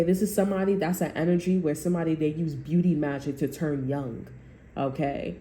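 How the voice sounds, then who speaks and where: Low-voiced woman rambling through a tarot reading. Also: fairly even intonation, fairly quick, dark tone, reverberant. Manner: rambling, chatty, often checking in with "okay?". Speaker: tarot reader.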